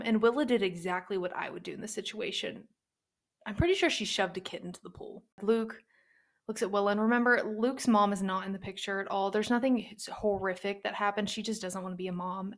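A young woman talks through her book picks in a relaxed, chatty way, her voice at an ordinary middle pitch. She gets animated as she retells scenes and drops into the characters' voices for a line or two. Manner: chatty, animated, acts out characters' lines in quick asides. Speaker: book reviewer. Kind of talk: casual book recommendation chat.

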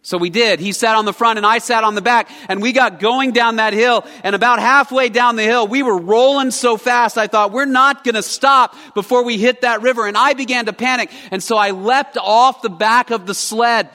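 A man preaches a sermon in an earnest, conversational storytelling manner. His voice sits high and bright. It rings out in a church hall with a long, lingering reverb. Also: fairly even intonation, moderate pace, hardly any pauses. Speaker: pastor. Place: church sanctuary.

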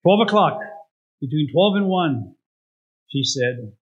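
A pastor delivers a storytelling sermon in a husky, fairly high man's voice. He keeps turning to the congregation with rhetorical questions. The recording sounds dull and lo-fi. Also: animated, takes it slowly.

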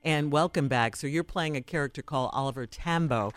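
A man's voice: medium pitch, fairly quick, no echo. A male radio host interviewing a guest in the studio, upbeat and full of praise.

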